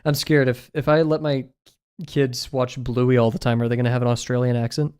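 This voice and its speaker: A man's voice: medium pitch, level tone, a little fast, darkish tone, smooth. A young man chatting casually while he draws on a livestream, rambling and giggling with lots of filler words. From United States. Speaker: streamer.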